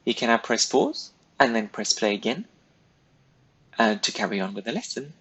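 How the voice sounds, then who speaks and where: A man's voice: on the low side, big pitch swings, normal speed, a bit bright, low-quality recording. A man teaching a recorded French lesson, giving patient, step-by-step instructions to pupils. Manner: patient, step-by-step, clearly paced directions to pupils.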